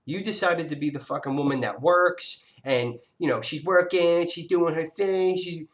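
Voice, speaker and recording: A man's voice: a little high, moderate pace. A man telling a personal story in an angry, profane, scattered rant, often restarting his sentences. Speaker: vlogger. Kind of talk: casual storytelling monologue.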